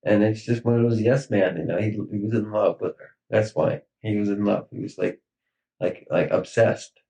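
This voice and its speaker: A man in his thirties speaking in a recorded police interview, halting and grief-stricken, with many fillers and trailing pauses. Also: fairly low pitch, steady tone, gravelly, warm tone, poor audio. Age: 30s.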